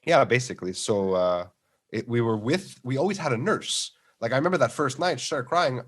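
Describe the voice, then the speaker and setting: A man telling lively, profane stories about his kids on a podcast, acting out every quote. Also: medium pitch, a little fast. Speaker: podcast guest. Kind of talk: casual chat, storytelling.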